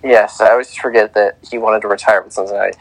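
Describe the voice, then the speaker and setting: A man's voice: on the low side, fast talker, vocal fry. A young man co-hosting a casual sports podcast, playfully arguing with his friends. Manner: lively, argues playfully. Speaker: podcast co-host.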